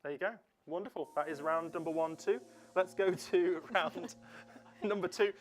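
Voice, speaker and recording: A man hosting a livestream quiz, chatty and relaxed, reading out answers between ums and little asides. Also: high voice, normal speed. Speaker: fundraiser stream host.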